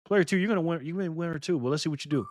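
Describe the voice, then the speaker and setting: A man hosting a casual live stream, reading comments aloud and answering viewers by name in a lively, playful way with lots of laughs and slang. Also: on the high side, rapid-fire. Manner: mixes slang and internet abbreviations into speech.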